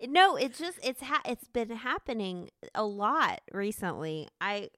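A woman's voice: a little high, unhurried, fairly bright tone, no room sound, clean studio sound. A woman co-hosting a podcast in casual chat, rambling and poking fun at herself, laughing as she goes, recorded in a living room. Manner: rambling, self-deprecating, laughing. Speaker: podcast co-host.

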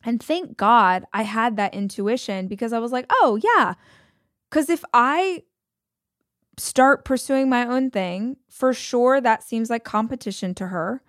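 A woman hosting a podcast, telling a personal story in a candid, animated, conversational way. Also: on the high side, unhurried, dry recording, clean studio sound. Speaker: podcast host.

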